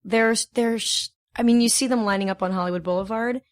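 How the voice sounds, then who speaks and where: A woman with a fairly high voice talks as a podcast guest. She is chatty and quick to ask questions and crack jokes in a casual conversation. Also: fairly even intonation, no room sound, studio quality. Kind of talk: casual chat.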